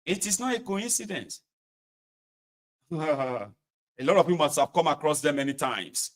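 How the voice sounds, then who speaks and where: A man's voice: a little high, expressive, a little slow. A Nigerian man giving exasperated, mocking political commentary in a casual vlog. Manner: exasperated, mocking, uses pidgin particles.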